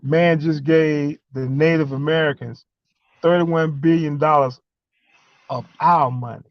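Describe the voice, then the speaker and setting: A man calling in and speaking emphatically in a preachy way, halting with many fillers between points. The audio is a dull, lo-fi call line. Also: on the high side, fairly even intonation, dry recording. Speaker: caller. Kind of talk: impassioned call-in monologue.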